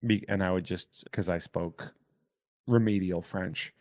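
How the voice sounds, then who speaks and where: A man's voice: sits low, fairly even intonation, unhurried, a little mellow, dry recording, clean studio sound. A middle-aged man hosting a podcast in casual chat, telling rambling stories that start over and wander. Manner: rambling, self-interrupting storyteller. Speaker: podcast host.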